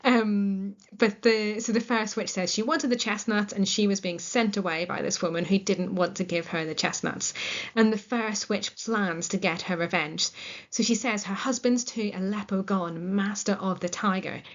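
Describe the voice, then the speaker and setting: A woman's voice: mid-range voice, fairly even intonation, moderate pace. A woman teaching a literature lesson, explaining a play in a chatty way and paraphrasing its lines in modern words. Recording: muffled lo-fi recording.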